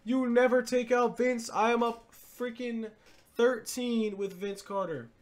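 Excitable and loud one moment, muttering the next, a man commentates his gaming session live as a YouTuber, leaning on recurring catchphrases. His delivery runs a little slow.

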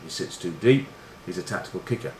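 A man's voice: low voice, animated, fast, darkish tone. A middle-aged man, a former rugby player, telling stories casually, self-deprecating and swearing, with lots of fillers. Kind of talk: casual storytelling. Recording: roomy room echo with faint noise.

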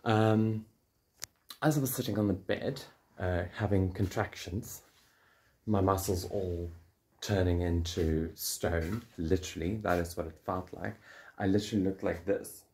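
Man, south african english accent, low voice, casual vlog story, joking, swearing. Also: measured pace, slight background noise. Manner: swearing, joking, animated retelling. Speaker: vlogger.

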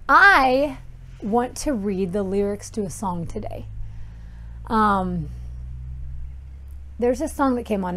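A woman hosting a podcast outdoors by a horse corral, talking in a rambling, candid way with lots of "like"s and casual swearing. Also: mid-range voice. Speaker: podcast host. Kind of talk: casual chat. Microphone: podcast microphone outdoors.

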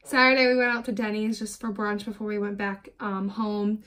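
A woman's voice: medium pitch, level tone, moderate pace, fairly bright tone. A young woman in her twenties telling rambling stories while doing her makeup for a get-ready-with-me vlog. She fills her talk with "like" and vents with exasperation. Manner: rambling, lots of filler "like"; exasperated, venting. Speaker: beauty vlogger. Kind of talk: chatty get-ready-with-me storytelling.

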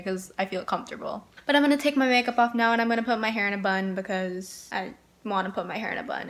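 A young woman vlogging casually from her bedroom, bubbly and gushing with excitement, into a camera mic. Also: medium pitch. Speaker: beauty vlogger. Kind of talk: casual vlog chat.

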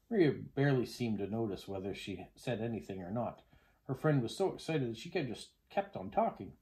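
A man reading a children's chapter book aloud as a parent, with gentle, expressive storytelling. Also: fairly low pitch, fairly quick, rough recording.

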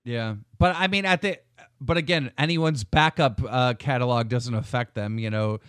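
A man hosts a podcast over a group voice call in a medium-pitched voice. He's brash and excitable and likes to tease his guests. His voice sounds dry and close, with no room around it. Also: normal speed, smooth, dry recording. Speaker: podcast host. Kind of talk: casual podcast chat. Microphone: call-in mic on a group voice call.

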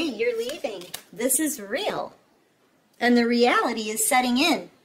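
A woman's voice: on the high side, low-quality recording. A woman giving a tarot reading in an intense, emphatic way, repeating herself and checking in with her listeners. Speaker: tarot reader. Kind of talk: casual tarot reading monologue.

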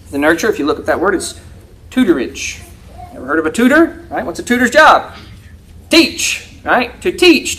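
A man's voice: high-pitched, pushed and bright. A man teaching a church Bible class, reading verses aloud and putting questions to his listeners. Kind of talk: interactive Bible lesson.

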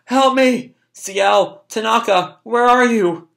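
A man voicing a frightened young boy who cries out and pleads for help in a high voice. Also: animated, brisk, bright, forceful tone. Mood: panicked.

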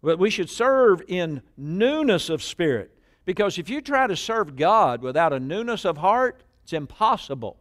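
A middle-aged man preaches in church with a rather high, lively voice. He jumps from shouted scripture to hushed asides and has the congregation repeat his words. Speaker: pastor. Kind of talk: sermon.

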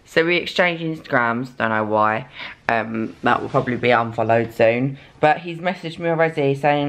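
A woman's voice: extremely low pitch, normal speed. Chatty young woman vlogging. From England. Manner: chatty, swears casually, lots of fillers. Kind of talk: casual vlog chat.

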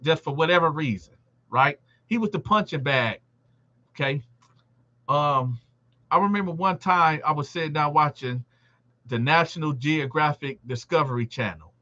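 A man hosts a live stream and tells a prison story in a loose, conversational way. His voice is bright and cutting and sits a bit high for a man. He acts out the other inmates' lines, and the dull, lo-fi stream audio takes the top off the sound. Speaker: livestream host telling a prison story. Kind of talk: casual storytelling to a live audience.

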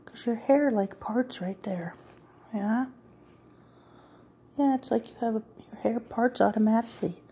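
A woman cat sitter films with her phone, camera aimed at the floor, while talking to a cat in a client's home. She coos in baby talk and sometimes drops to a whisper. Her medium-pitched voice is gravelly, mellow and slightly rough, at a normal speed with long pauses.

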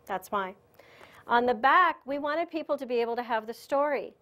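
A woman's voice: on the high side, moderate pace. Chatty woman telling a story to a room. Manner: chatty, animated storyteller who laughs often. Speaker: spiritual teacher giving a lecture. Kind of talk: conference lecture, personal storytelling. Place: conference room.

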